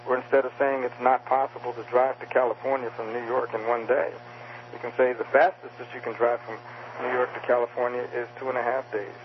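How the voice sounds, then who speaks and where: A man's voice: mid-range voice, flat delivery, brisk, noisy background. Hesitant man on a dull radio line. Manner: hesitant, many restarts and fillers. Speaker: author and guest. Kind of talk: interview explaining communication skills.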